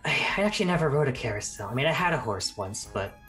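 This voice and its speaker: Ein Mann spielt eine schüchterne, stammelnde Kentaurin. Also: male voice, mid-range voice, very animated, quick pace, fairly bright tone, soft background music. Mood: timid apologetic. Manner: timid, stammering, apologetic. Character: shy sad apologetic female centaur attendant.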